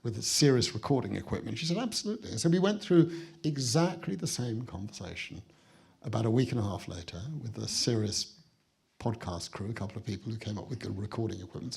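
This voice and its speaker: A man's voice: lowish voice, creaky, a little mellow, slightly rough. A British man giving a guest speech at a museum exhibition opening, telling an anecdote with wry, dry understatement. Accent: British English. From Britain. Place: museum building, speaking to an audience.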